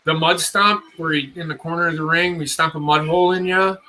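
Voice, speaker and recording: A young man talks over a wrestling match for his audience in a casual, profane running commentary. His voice sits a little high and rings bright and forceful. He is blunt and excitable, with swearing in nearly every line. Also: brisk, a little hiss or hum, poor audio. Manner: blunt, swears constantly, enthusiastic. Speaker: host watching wrestling with viewers.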